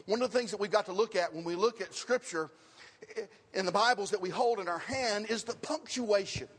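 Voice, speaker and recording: A man's voice: high-pitched, brisk, husky. A man preaching a sermon and teaching his congregation, with questions and emphatic repetition. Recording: long reverb of a hall.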